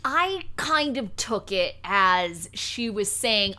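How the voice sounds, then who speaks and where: A woman's voice: mid-range voice, lively intonation, slow pace, few pauses, pushed and bright. A woman co-hosting a casual podcast, chatting about how she read a scene. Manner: explains her own reading of scenes, chatty. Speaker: podcast co-host. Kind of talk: casual chat.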